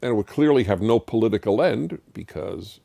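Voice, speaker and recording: Radio host, male, middle-aged; gravelly, dry close sound; emphatic indignant monologue. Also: on the low side, expressive, fairly quick, dark tone, no room sound. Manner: emphatic, indignant, rhetorical questions. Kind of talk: opinion commentary.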